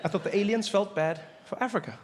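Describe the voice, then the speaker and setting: A man doing stand-up comedy, telling animated stories and jumping into character voices. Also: high-pitched, quick pace, in a large hall.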